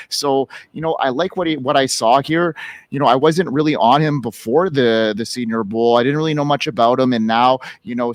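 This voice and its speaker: A relaxed male podcast co-host with an easygoing, filler-heavy delivery. His voice sits at a middling pitch in a dry, dead-sounding recording. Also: dry recording. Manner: relaxed, many fillers like you know and uh. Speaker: fantasy football co-host. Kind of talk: casual podcast chat.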